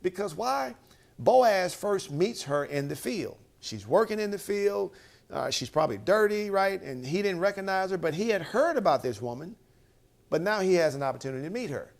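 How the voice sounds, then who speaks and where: Man, somewhat high voice, emphatic speaker teaching from scripture in a chatty, repetitive way. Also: big pitch swings, normal speed, vocal fry. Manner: emphatic, repeats phrases and asks "right?". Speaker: motivational speaker. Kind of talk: conversational Bible teaching.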